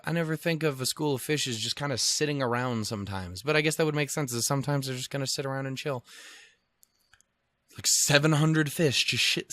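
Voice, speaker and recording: A man's voice: fairly high pitch, fairly bright tone, dry recording. A man hosting a podcast alone, telling a rambling, profane, self-deprecating travel story in casual chat. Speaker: podcast host. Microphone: podcast microphone.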